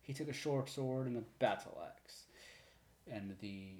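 A man narrating a tabletop game as game master in a loose, relaxed way. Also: mid-range voice, unhurried, slight background noise. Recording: roomy echo.

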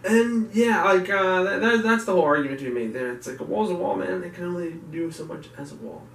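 A man co-hosting a podcast rambles through casual chat, restarting his sentences as he goes. His voice sits a bit high. He sounds distant from the mic, in a roomy space with a faint hiss behind him. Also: vocal fry, fairly bright tone. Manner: rambling, halting with many restarts and fillers. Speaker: podcast co-host. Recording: echoey room, off-mic, faint background noise.

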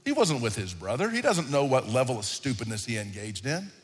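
A man preaching a sermon in a conversational, animated style, often repeating himself. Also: medium pitch, fairly quick. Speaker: pastor. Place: large hall, church service. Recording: reverberant hall with faint music.

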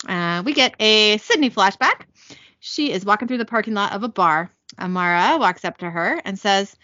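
A woman casually recapping a TV episode, reading out the dialogue in quick voices and correcting herself as she goes. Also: mid-range voice, lively intonation, sharp tone, no room sound, muffled recording. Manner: reads lines in quick character voices, self-correcting. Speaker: podcast host recapping an episode.

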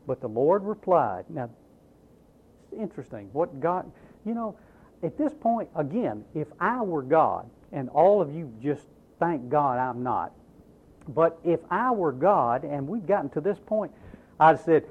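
Animated male preacher, tinny phone-like sound. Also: a little high, measured pace, husky. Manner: animated, emphatic preaching with rhetorical questions. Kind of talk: sermon.

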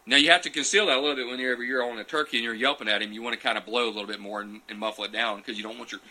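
Man, folksy live-stream host, bright forceful voice, casual chat, answers viewers by name. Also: mid-range voice, steady tone, racing. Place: small room, on a futon couch.

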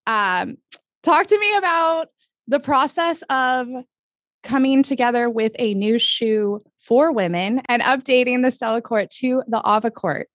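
A woman hosting a podcast interview, gushing and enthusiastic, talking in quick bursts with frequent laughs. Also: on the high side, animated, no echo, clean studio sound. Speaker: podcast host. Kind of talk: upbeat casual interview.

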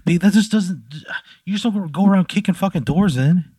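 A man bantering on a comedy podcast, indignant and profane in a deadpan way. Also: high-pitched, a little fast, husky, no room sound.

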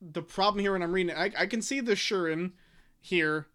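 A man with a bright, ringing voice and a crisp, clean tone, speaking a little higher than most men. He talks in casual conversation, hesitant and full of restarts, and now and then reads lines from a book aloud. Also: a little fast. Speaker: podcast co-host discussing a book. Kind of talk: casual chat.

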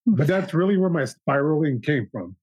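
A man's voice: a little high, expressive, normal speed, darkish tone, husky, dry recording, poor audio. A young man talking through a personal story in a casual conversation, reflective, with restarts and retold dialogue.

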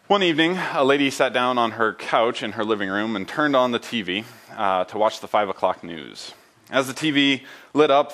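A man preaching a sermon in a church building, earnest and halting, with frequent fillers and restarts. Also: on the low side, a bit bright. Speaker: pastor.

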